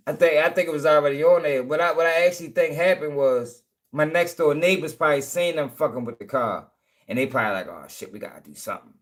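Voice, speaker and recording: A man telling a long, rambling story in casual talk, full of swearing and check-ins with his listeners. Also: fairly high pitch. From Baltimore, USA.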